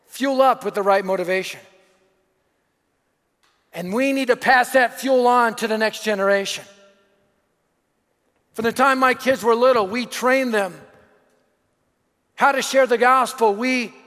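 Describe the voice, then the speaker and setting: A male preacher delivers an energetic sermon in a strikingly high voice. He is emphatic and animated, acting out the people in his stories. His voice rings out with a long reverb, as if he is preaching in a large church hall. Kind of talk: sermon with storytelling.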